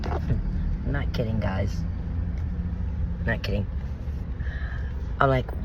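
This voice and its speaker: A woman's voice: extremely low pitch, takes it slowly, pauses often, background noise. A woman and mother telling her own painful story on a vlog, in an emotional, rambling, confessional way. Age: adult, mother of young children.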